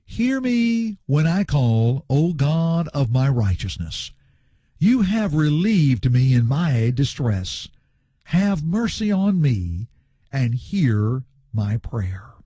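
Slow, earnest preacher with a lively voice. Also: male voice, mid-range voice, slightly rough, dry recording, clean studio sound. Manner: slow, earnest, reads scripture aloud and explains words. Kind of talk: Bible teaching sermon.

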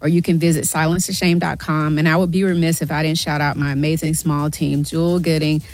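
Speaking fairly quickly in a deep, darkish voice that barely moves in pitch, this middle-aged mental health advocate earnestly pleads with the radio audience, addressing them as y'all. The emotional interview was captured with a studio mic in a radio studio and carries no room sound.

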